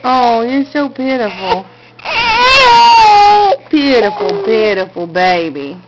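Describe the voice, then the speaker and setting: A woman's voice: mid-range voice, slow, muffled recording, heavy background noise. A mother talking to her baby in a home video, with coaxing, sing-song baby talk.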